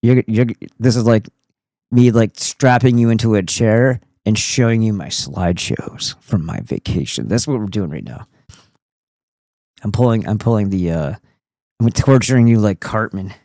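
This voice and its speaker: A man's voice: on the low side, moderate pace, mellow, dry recording. A man hosting a casual livestream, talking in a goofy, profane and rambling way. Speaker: streamer host.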